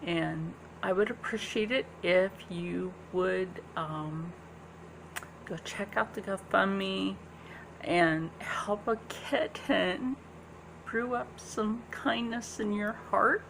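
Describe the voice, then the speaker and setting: Slow, gravelly-voiced woman vlogger. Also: medium pitch, a little hiss or hum, low-quality recording. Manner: soft-spoken, drifts into whispers, many ums. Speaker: beauty vlogger. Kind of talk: casual makeup tutorial chat. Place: indoors at home.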